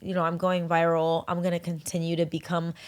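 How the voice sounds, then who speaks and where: Lower-voiced woman hosting a chat. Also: monotone, fairly quick, clear, resonant tone. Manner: warm, engaged, finishes the guest's sentences. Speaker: podcast host. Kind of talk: casual interview.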